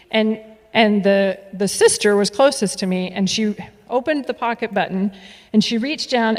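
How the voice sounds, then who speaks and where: A woman telling a story on stage, playful and animated, with laughs and asides. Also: medium pitch. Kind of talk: live storytelling performance. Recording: reverberant hall.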